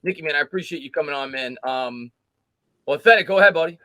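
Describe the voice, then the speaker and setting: A man's voice: fairly high pitch, quick pace, bright, forceful tone, no room sound. A man hosting a casual sports talk livestream over a video call, upbeat and reading chat comments aloud. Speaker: host.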